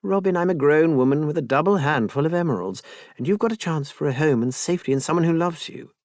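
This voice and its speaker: A man voicing a frank, spirited young woman in an audiobook, raising his pitch and speaking emphatically. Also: fast, a little mellow, no room sound, studio quality, lightly acted. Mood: earnest. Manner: raised pitch, brash and emphatic. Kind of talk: audiobook character voice.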